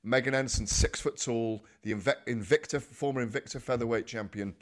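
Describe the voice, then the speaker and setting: In casual sports chat, this radio co-host tells stories about fights, animated and emphatic throughout. He has a mid-range voice and talks a little fast.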